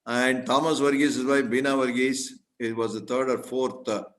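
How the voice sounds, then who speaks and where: A man giving a storytelling speech as a guest speaker, earnest, often clearing his throat and restarting his sentences. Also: mid-range voice, steady tone, moderate pace, fairly bright tone, low-quality recording. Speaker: guest speaker at a club meeting.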